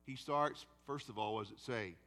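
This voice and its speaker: A male pastor preaching a sermon and telling a story, swinging between loud emphasis and quiet, soft passages. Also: medium pitch, moderate pace, long reverb tail. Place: church sanctuary.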